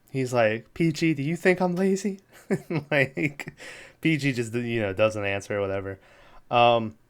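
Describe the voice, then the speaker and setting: Smooth-voiced man recapping a movie. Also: medium pitch, a bit bright. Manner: rambling, laughs often, acts out quotes. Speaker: podcast co-host. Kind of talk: casual chat recapping a movie.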